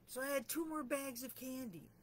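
A woman's voice: high-pitched, normal speed, slight background noise. A middle-aged woman talking in a casual, candid and self-deprecating way as she reflects in her vlog. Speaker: vlogger.

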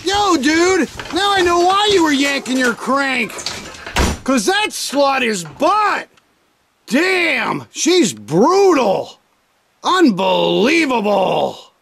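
A man with a high voice that swings wildly up and down delivers crude, rhyming comedy rants. His outrage is overdone for laughs, and a clear hum of household noise runs behind him. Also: sing-song, slow pace. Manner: rhyming insults, exaggerated outrage. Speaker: comedy video narrator.

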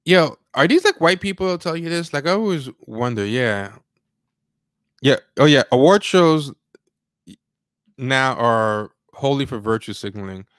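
A man co-hosting a casual livestream podcast, talking in a rambling, sardonic way and mocking people with quick impressions. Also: medium pitch, expressive, clear, resonant tone, dry recording, clean studio sound. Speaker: podcast co-host.

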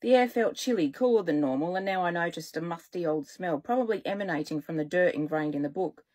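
A woman's voice: on the low side, brisk. Woman author reading children's stories aloud. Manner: lively, expressive storytelling.

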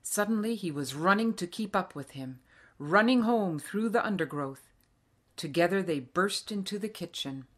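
A woman reading a novel aloud as an audiobook narrator in a calm, measured way. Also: lowish voice. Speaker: audiobook reader. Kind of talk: scripted narration.

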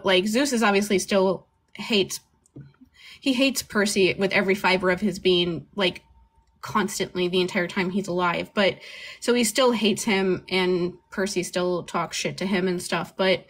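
A woman's voice: mid-range voice, steady tone, unhurried, a bit bright. A woman co-hosting a podcast in casual chat, rambling with many fillers, laughing often and swearing freely. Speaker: podcast co-host.

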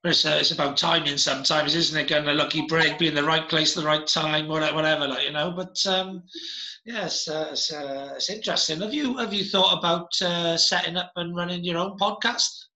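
A middle-aged man hosting a podcast, talking in an unhurried, rambling way with many hesitations. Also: on the high side, fairly even intonation, bright, forceful tone. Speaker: podcast host. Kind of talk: casual interview chat. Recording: roomy echo.

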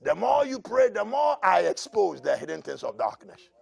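Gravelly, high-voiced preacher man. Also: very animated, normal speed. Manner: swings from murmuring to shouting, laughs between lines. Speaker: pastor. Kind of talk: prophetic sermon.

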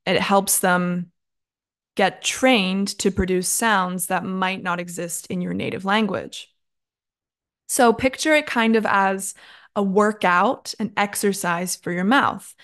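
A young woman teaching an online English lesson in a chatty, clear and encouraging way, with casual filler words. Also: mid-range voice.

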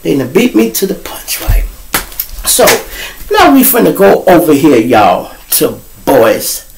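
Gravelly, animated man telling stories. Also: on the high side, slow, background noise. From Chicago. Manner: animated, profane, talks straight to his viewers. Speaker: storyteller host. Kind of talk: casual storytelling monologue.

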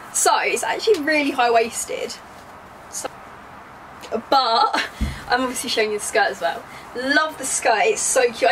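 A woman's voice: sits high, fairly bright tone, slight background noise, rough recording. A young woman chatting casually in a bubbly, giggly way while trying on clothes at home for her vlog. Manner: bubbly and giggly, joking with viewers. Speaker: fashion vlogger. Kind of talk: casual try-on haul chat.

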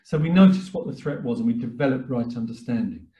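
Calm, reflective male presenter. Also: mid-range voice, fast talker. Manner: calm, reflective, with frequent fillers and restarts. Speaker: webinar presenter, therapist. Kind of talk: talk. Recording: echoey room.

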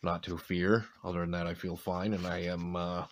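A deep-voiced man with a light New England accent rattles off player names between chatty asides as he opens card packs. His throat is a little sore, and he keeps clearing it. Wrappers rustle faintly in the background. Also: little pitch movement, moderate pace, a little hiss or hum. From Maine, USA. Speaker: card-opening channel host. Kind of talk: casual pack-opening commentary.

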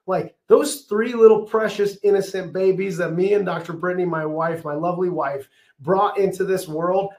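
A man in his thirties giving a passionate, fast, emphatic webinar presentation from his office, his voice a bit strained. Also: high voice, roomy sound. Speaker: functional medicine practitioner presenting a webinar.

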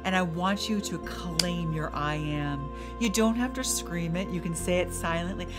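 A woman's voice: fairly low pitch, over music. Soothing woman guiding a meditation. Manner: slow and soothing in the meditation, then emphatic and encouraging. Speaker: podcast host and life coach. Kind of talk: guided meditation and coaching talk.

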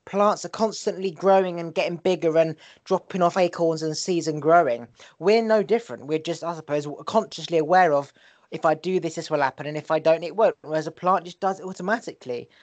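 A man's voice: a little high, fairly quick. Jokey laid-back man. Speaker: podcast guest. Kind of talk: casual podcast chat.

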